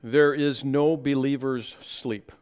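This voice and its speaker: A man preaching a sermon, talking slowly and deliberately and rising into emphatic bursts. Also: medium pitch, steady tone, darkish tone, clear, resonant tone. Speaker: pastor.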